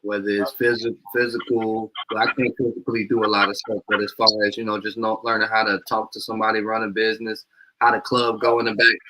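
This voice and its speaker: A man with an ordinary mid-pitched voice hosts a casual podcast chat. He speaks in relaxed street slang, often agreeing and riffing on his guest's points. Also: fast, poor audio. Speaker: podcast host.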